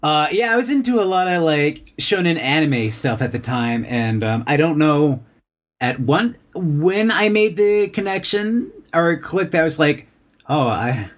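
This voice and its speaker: A young man from Texas, a voice actor guest, chatting casually on a podcast and talking in halting bursts full of fillers and restarts. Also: fairly high pitch, animated. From Dallas, Texas.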